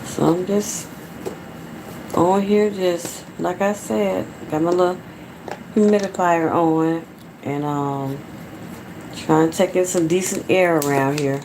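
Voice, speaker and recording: A woman with an Atlanta Southern accent rambles casually to her live chat, speaking in a fairly low voice through her phone at home. Her talk is loose and chatty, and faint background noise sits under it. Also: steady tone, slow pace, long pauses. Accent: Southern American (Atlanta). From Atlanta, Georgia, USA. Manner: rambling, chatty, talks straight to viewers. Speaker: livestreamer.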